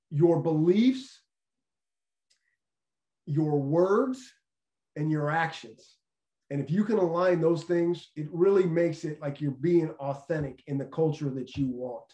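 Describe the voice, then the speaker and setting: A man's voice: fairly high pitch, a little mellow. A middle-aged man, a former football coach, giving an earnest motivational leadership talk and repeating key phrases for emphasis. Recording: echoey room.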